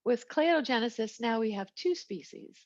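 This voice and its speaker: A woman's voice: fairly high pitch, lively intonation, normal speed. A woman teaching a biology lecture in a chatty style, with asides and small jokes. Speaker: biology instructor. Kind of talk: recorded lecture. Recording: lo-fi, muffled recording.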